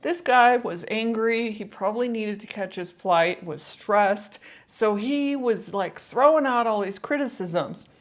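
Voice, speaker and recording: A woman's voice: mid-range voice, a little slow, hardly any pauses. A woman life coach talking to camera in a casual, reflective vlog, telling a personal story in a conversational way with lots of "like" and "you know".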